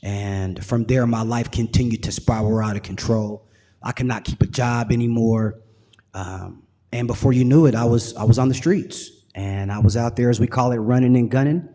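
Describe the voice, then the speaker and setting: A man's voice: medium pitch, mellow. Earnest man giving testimony in a hall. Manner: earnest, measured, passionate. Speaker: guest speaker. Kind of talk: personal testimony. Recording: long hall reverb.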